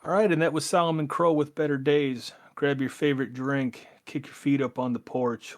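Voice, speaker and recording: A man hosting a podcast in casual chat, talking haltingly with many "uh" fillers and restarts. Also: mid-range voice, steady tone. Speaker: podcast host.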